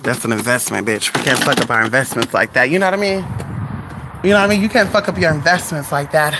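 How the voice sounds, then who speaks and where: A vlogger out in the cold talks fast in a medium pitch, gossiping casually with sass and animation and calling listeners "honey" and "girl." Background noise is present throughout.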